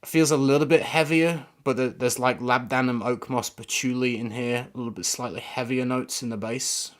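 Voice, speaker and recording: A man's voice: medium pitch, steady tone, normal speed. A man giving casual, rambling first impressions of fragrances on a live stream, often searching for words. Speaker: fragrance reviewer.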